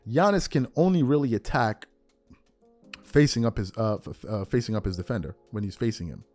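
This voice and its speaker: A man's voice: medium pitch, lively intonation, fairly quick, darkish tone, dry recording, soft background music. A man in his thirties hosting a podcast, giving opinionated sports commentary with incredulous rhetorical questions and street slang. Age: 30s. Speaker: podcast host.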